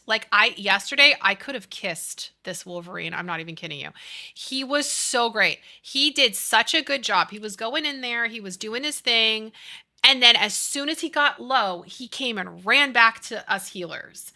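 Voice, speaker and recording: A woman's voice: a little high, sharp tone. A woman streaming, chatting casually with her chat and ranting with lots of swearing. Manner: chatty, profane, ranting, reads chat aloud. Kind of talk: casual live-stream chat while building.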